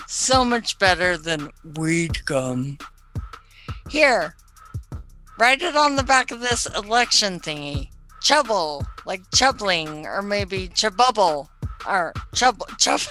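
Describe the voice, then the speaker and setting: A woman plays a ditzy young stoner girl hustling edibles. She has a bright, lively, high-ish voice that swings all over in pitch. Her talk is slow, spacey valley-girl chatter with shrill bursts, over faint music. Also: heavily acted. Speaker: comedy sketch character. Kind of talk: comedic character monologue.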